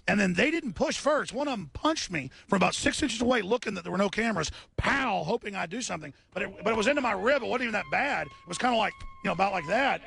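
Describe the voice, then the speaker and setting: A man's voice: high voice, animated, quick pace, vocal fry, few pauses, a bit bright, a little hiss or hum. An agitated man hosting a live radio show, worked up after a scuffle, emphatic and repeating himself as he recounts what happened. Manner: emphatic, repeats words, restarts often. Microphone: studio radio mic.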